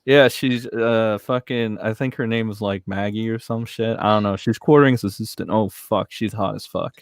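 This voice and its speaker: A man's voice: fairly low pitch, steady tone, normal speed, smooth. A man co-hosting a livestream, chatting crudely and casually with a lot of swearing and some hesitation. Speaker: stream co-host.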